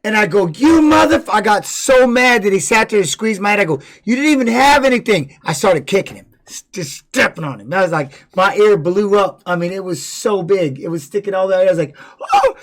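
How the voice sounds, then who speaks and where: A man's voice: high-pitched, a little fast, hardly any pauses. A man giving casual live-stream commentary on fight videos, blunt and profane, repeating words for emphasis.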